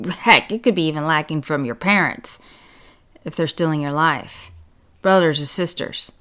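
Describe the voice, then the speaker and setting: Slow, blunt, sarcastic woman vlogger. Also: deep voice, sharp tone. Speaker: relationship and self-care vlogger. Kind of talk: casual direct-to-camera monologue.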